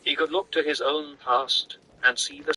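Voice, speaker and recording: Brief: male audiobook-style reader, crisp and bright, even delivery. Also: on the high side, moderate pace, a little hiss or hum, rough recording. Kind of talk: reading a novel aloud.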